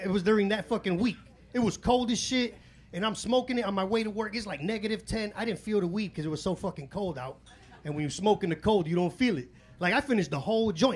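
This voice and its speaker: A man's voice: sits high, husky. A man doing live stand-up, telling loose, profane stories in street slang and acting out his own and others' voices. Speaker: stand-up comedian. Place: comedy club stage. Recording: live club recording with room noise.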